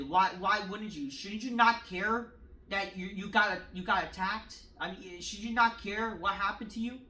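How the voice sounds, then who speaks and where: A woman rants about a wrestling show, cursing freely and slipping into sarcasm. Her voice sits at an ordinary middle pitch. The room around her is noticeably echoey. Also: unhurried, fairly bright tone. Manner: profane, exasperated ranting with many fillers. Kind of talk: casual review rant. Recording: roomy echo.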